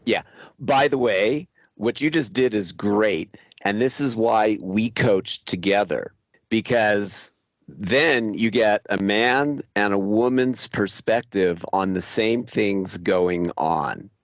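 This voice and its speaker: A man's voice: fairly low pitch, takes it slowly, no echo. A man who works as a relationship coach, speaking in an enthusiastic, affirming way on a podcast. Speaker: soulmate coach. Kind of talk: podcast interview. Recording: dry, dull lo-fi sound.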